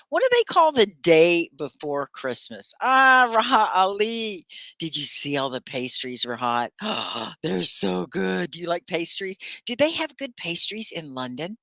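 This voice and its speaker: With no room sound in the recording, a Texan woman speaks in a low voice while running a live online English class. She reads viewers' comments aloud in an animated, gushing way.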